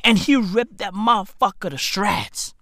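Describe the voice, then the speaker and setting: A woman giving profane comedic reaction commentary, excitable and swearing, repeating her phrases for effect. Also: mid-range voice, unhurried, no echo, clean studio sound.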